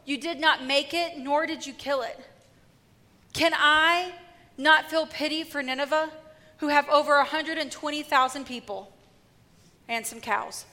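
A woman preacher voicing God as a patient, pitying father, speaking gently and earnestly. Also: high voice, steady tone, measured pace, pauses often, big-room sound. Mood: pleading.

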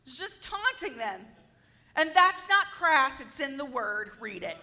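A woman with a high, bright voice retells a Bible story to her listeners, acting out its scenes. She takes her time and asks the group questions as she goes. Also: a little slow. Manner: animated, acts out the story and asks the audience questions. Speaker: Bible teacher.

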